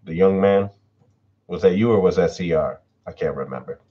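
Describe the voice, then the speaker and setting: Man, horror narrator and stream host, extremely deep and husky, relaxed chatty delivery, dull lo-fi mic. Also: moderate pace. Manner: relaxed and chatty, reads chat messages aloud. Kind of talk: reading stories aloud and chatting with viewers. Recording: dull lo-fi home audio.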